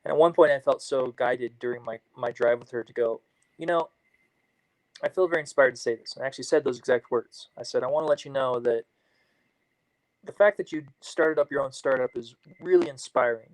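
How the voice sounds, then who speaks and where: A man co-hosting a casual chat, relaxed as he tells a story and acts out both sides of a conversation. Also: mid-range voice, brisk, dry recording, low-quality recording. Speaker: co-host.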